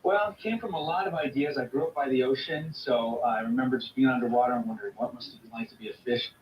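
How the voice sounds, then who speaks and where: A man, a film director, giving a relaxed TV interview and explaining his work plainly. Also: mid-range voice, fast talker, highs cut off, noisy background. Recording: TV audio from far off in a roomy space.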